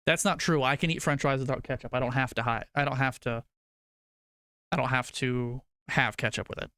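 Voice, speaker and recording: A man's voice: mid-range voice, fairly even intonation, a little fast, a bit bright, no room sound, studio quality. A young adult man streaming, chatting loosely with his chat, swearing casually and arguing food opinions in a rambling way.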